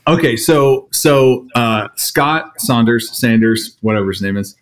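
A man co-hosting a podcast who talks in a halting way, full of fillers. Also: medium pitch. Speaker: podcast co-host. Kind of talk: casual podcast chat.

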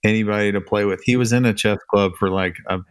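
A man's voice: fairly low pitch, fairly even intonation, fast, clean tone, dry recording. A middle-aged man co-hosting a podcast about church leadership, thoughtful and searching for his words. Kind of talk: casual podcast discussion.

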